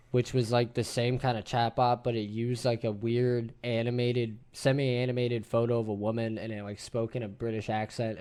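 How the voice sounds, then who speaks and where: Male podcast host, thirties, middle pitch, loose and animated, swears casually while spinning a story for friends. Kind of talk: casual group chat.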